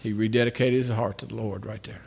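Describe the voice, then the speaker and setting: A man's voice: lowish voice, steady tone, fast talker, gravelly, a little mellow, husky. A man with a drawl gives a Christian testimony in plain, folksy speech. He tells his stories by acting out both sides of each conversation, often restarting his sentences as he goes. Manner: storytelling, acts out both sides of dialogues. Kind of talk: spoken testimony.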